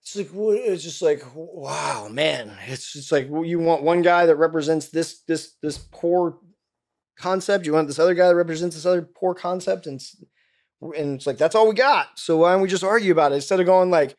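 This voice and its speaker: A man appears as a podcast guest, ranting in a heated, profane way and restarting his sentences often during the casual conversation. His voice is a little high and his speed normal.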